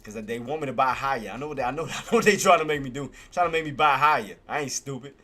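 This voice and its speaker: A man giving live trading commentary on his stream. He talks excitably, repeats himself often, and swears. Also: medium pitch, rapid-fire, faint music behind. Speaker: day-trading livestreamer.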